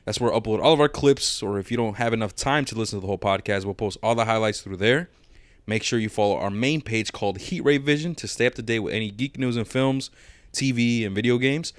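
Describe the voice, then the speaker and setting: A young man hosts a casual podcast with a slightly low voice. He sounds laid-back and slangy. The mic is close and dry. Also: fast talker, no echo. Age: young adult. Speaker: podcast host.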